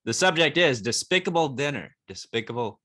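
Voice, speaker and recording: A man's voice: medium pitch, lively intonation, fairly quick, bright, forceful tone. A man hosting an advice podcast, chatting casually and joking, laughing often. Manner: laughs often, jokey and upbeat. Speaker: podcast host.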